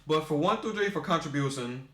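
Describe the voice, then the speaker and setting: A man's voice: a little high, expressive, fairly quick, fairly bright tone. Rambling young man in an echoey room. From United States. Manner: rambling, self-correcting, stumbling over words. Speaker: video maker. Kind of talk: casual rambling commentary.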